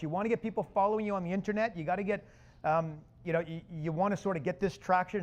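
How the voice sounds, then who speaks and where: A man presenting a live business seminar to an audience, loud, punchy and casual with slang. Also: high-pitched. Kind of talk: energetic live seminar talk. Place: conference room with an audience.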